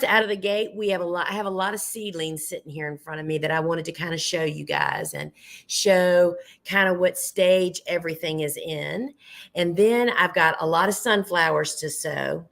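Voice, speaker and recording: A middle-aged woman hosting a casual live gardening show, chatty and homey, her voice a little hoarse from losing it. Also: deep voice, a bit bright. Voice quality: chatty, homey, addresses viewers as friends.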